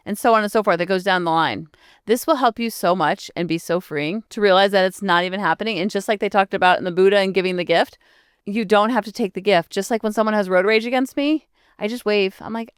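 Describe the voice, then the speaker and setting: A woman's voice: medium pitch, fast, smooth, no room sound, clean studio sound. A woman parenting coach hosting her own podcast, talking in a chatty, encouraging self-help manner. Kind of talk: casual solo podcast talk.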